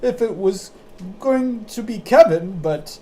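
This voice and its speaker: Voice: mid-range voice, animated, slow pace, warm tone, pitched above the performer's own voice. A game master voicing a tiny, sweet, hard-of-hearing old woman who dotes and gets flustered. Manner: fluttery, doting and flustered.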